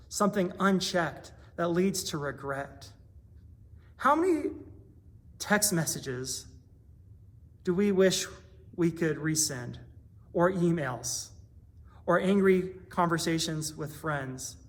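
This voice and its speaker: A pastor giving an earnest sermon, full of rhetorical questions and everyday examples. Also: male voice, on the high side.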